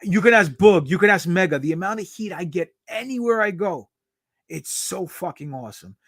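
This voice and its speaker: High-voiced american wrestler telling swear-filled ring stories, dry close sound. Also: male voice, moderate pace, no echo. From United States. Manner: profane, animated storyteller. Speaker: professional wrestler guest. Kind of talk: casual storytelling interview.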